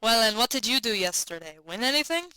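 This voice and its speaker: A young male aristocratic officer, impatient to be off, speaks in short brisk lines, as a woman reader gives him voice. The sound is bright and dry. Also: fairly high pitch, expressive, clear, resonant tone, dry recording, voice pushed up.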